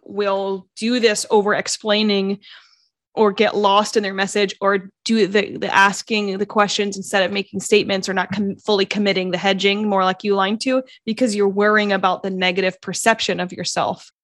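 A woman's voice: medium pitch, little pitch movement, normal speed, fairly bright tone, dry recording. Woman, casual chat, self-deprecating, laughs a lot, dry close sound.

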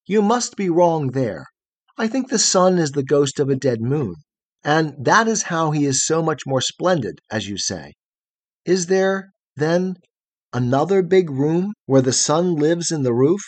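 A man lifting his voice to play a wide-eyed young girl raised in darkness, soft and earnest, always asking questions. Her tone is husky and airy, with the pitch climbing lightly on each wondering phrase. She sounds like a storybook heroine meeting the world for the first time. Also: big pitch swings, a little slow. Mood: gentle, wondering.

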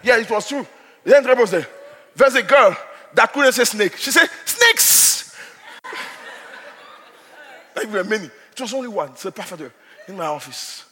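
A male preacher giving an impassioned sermon, dropping to hushed asides and rising to shouts. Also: high voice, slightly rough, long reverb tail. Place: church hall.

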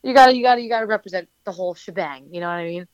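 A woman's voice: mid-range voice, very fast, clear, resonant tone, dry recording. Woman, New Jersey accent, rambling interview answers, dry close sound, a little dull and lo-fi. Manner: rambling, chatty, many fillers and restarts. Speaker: wrestler and manager.

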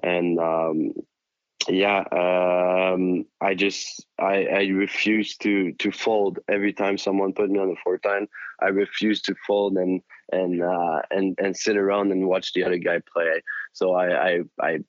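A former player looking back in an interview, hesitant with many fillers and restarts. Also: male voice, low voice, little pitch movement, a little slow, dry recording. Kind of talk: interview recollection. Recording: dull lo-fi recording.

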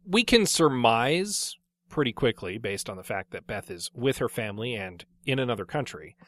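A man co-hosting a casual book discussion podcast, talking in a wry, relaxed way with jokey segues. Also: mid-range voice, normal speed, no room sound. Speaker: podcast co-host.

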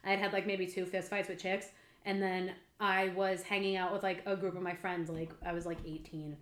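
A woman's voice: lowish voice, flat delivery, a little fast. A young adult woman telling stories in a brash, profane, casual way as a guest in a chat. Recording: echoey room.

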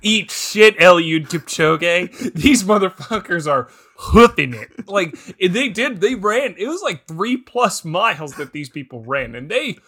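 A man's voice: high-pitched, animated, bright, forceful tone, slightly rough. A man co-hosting a podcast, joking about a bad movie, laughing often and stumbling over his words. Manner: laughing, halting restarts. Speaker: podcast co-host. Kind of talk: casual comedic banter.

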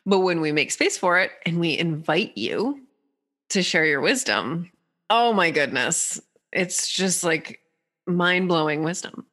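Woman podcast guest, bright tone, animated and playful explainer. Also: lowish voice, measured pace. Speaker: podcast guest, human design guide. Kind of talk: casual explanatory chat.

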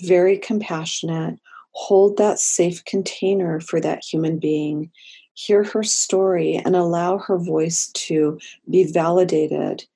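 A woman therapist speaking in a podcast interview, slow and deliberate with gentle emphasis. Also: on the low side, steady tone, breathy edge. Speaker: therapist and guest.

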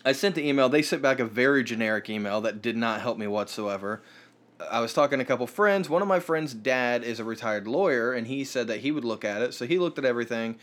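A man recounts a frustrating run-in in a relaxed, rambling way. His sentences trail off and restart, full of fillers, and his voice sits in a middling pitch. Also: fast talker. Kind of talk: casual chat.

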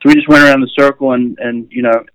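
A man's voice: medium pitch, steady tone, fast, a bit bright, no room sound, rough recording. A middle-aged Australian man, a swimming coach, telling stories casually with many fillers and chuckles. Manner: rambling, with frequent fillers and chuckles. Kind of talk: casual storytelling.

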